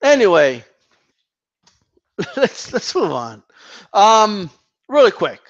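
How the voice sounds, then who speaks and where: A man with a high, lively voice rants at a rival, combative and profane, stumbling over repeated words. The recording sounds dull and lo-fi. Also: takes it slowly. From Mexican heritage. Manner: combative, profane, repetitive restarts. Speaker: boxing commentator. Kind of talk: heated rant vlog. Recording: dull lo-fi audio.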